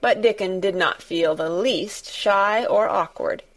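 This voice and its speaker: A woman reads a classic storybook aloud at an unhurried pace, taking her time over each phrase. Her voice sits at a middling pitch, and her delivery is measured and gentle. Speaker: narrator. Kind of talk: storybook narration.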